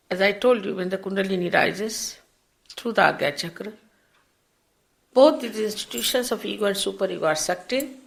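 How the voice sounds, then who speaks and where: An older woman, a spiritual teacher, giving an unhurried, explanatory public lecture with big swings in pitch and loudness. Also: gravelly. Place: public program before an audience.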